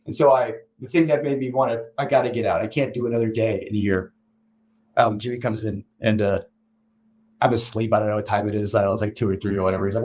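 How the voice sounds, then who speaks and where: A man's voice: fast, poor audio. A young man telling a rambling personal story as an interview guest, acting out other people's lines. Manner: rambling, animated, acts out quotes in a higher voice. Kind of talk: candid storytelling.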